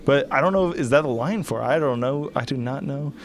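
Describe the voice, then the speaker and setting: A man's voice: mid-range voice, brisk, a little hiss or hum. A man giving live curling commentary, joking and hyping events up like mock breaking news. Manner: playful, mock-dramatic breaking-news hype.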